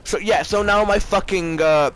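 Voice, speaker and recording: A man playing a shooter game with a friend, swearing constantly and yelling at enemies. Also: high voice, moderate pace. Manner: explosive, swearing, yells at enemies. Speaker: gamer streaming with a friend. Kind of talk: profane gameplay rant.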